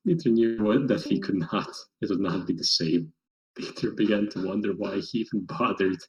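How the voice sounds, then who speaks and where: A man reading a fan story aloud to friends in a voice chat, measured, with stumbles and restarts. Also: on the low side, poor audio. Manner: reads in a plain measured way with stumbles and chuckles. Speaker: story reader.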